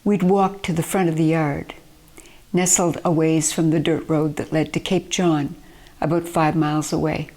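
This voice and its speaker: A woman from Nova Scotia reading her own memoir aloud in a gentle, measured storytelling manner. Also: sits low, fairly even intonation. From Nova Scotia, Canada.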